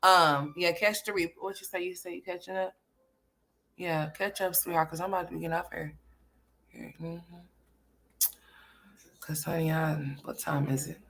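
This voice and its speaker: A woman hosting casual reaction commentary, blunt, sassy and profane as she talks back at a clip. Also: low voice. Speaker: commentary host.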